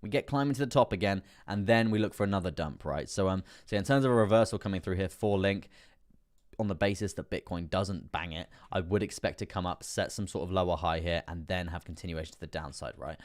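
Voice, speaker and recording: A man's voice: low voice, quick pace. A man hosting a casual live stream, chatting through price charts, laughing often and repeating his words as he goes. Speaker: crypto livestream host.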